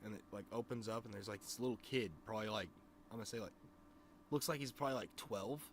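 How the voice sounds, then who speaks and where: Rambling, low-voiced man telling a story. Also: fast talker, slight background noise. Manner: rambling, profane, filled with "you know what I mean". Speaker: streamer and musician. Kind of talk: casual storytelling on a stream.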